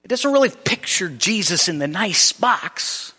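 A man's voice: high voice, big pitch swings, unhurried, sharp tone, slightly rough, big-room sound. A man preaching a sermon in a conversational way, often restarting his sentences. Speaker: pastor.

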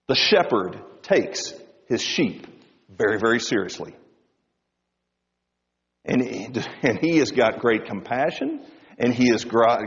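Guy preaching, lively up-and-down delivery, big hall reverb, kinda dull sound. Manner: dramatic shifts between loud emphasis and hushed low tones. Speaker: pastor. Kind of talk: sermon.

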